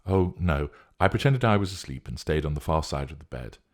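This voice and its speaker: A man's voice: rumbling low, animated, brisk. A man reading a story, voicing a younger woman who brushes off worry on the phone. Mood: breezy.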